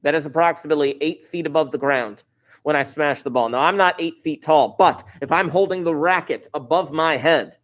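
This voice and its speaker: A man teaching a high school math class, chatty and informal, who repeats key phrases to drive them home. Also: brisk, fairly bright tone. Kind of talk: recorded classroom math lesson.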